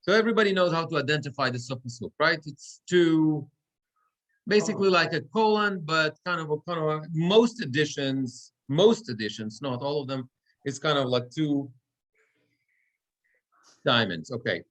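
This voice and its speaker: A man's voice: a little high, lively intonation, moderate pace, fairly bright tone. A man, a cantor, teaching a Torah reading class and explaining step by step while checking that students follow. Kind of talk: class instruction. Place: synagogue classroom or online class.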